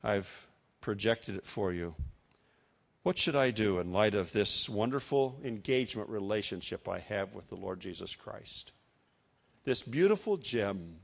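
An older man from Iowa delivers a sermon from the pulpit. He presses his points with rhetorical questions and slows to a solemn, measured pace when reading hymn text. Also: lowish voice, expressive, gravelly. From Iowa, United States. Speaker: preacher.

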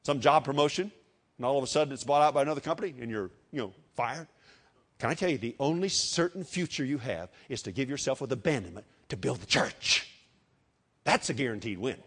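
An older preacher from Iowa delivers a sermon from the pulpit in a husky, medium-pitched voice. He drives his points home with rhetorical questions, slowing to a solemn, measured pace when reading hymn text.

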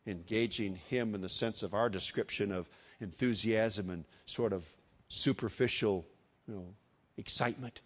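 An older man from Iowa preaching a sermon, with emphatic rhetorical questions and slow, solemn reading of hymn lines. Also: lowish voice. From Iowa, United States.

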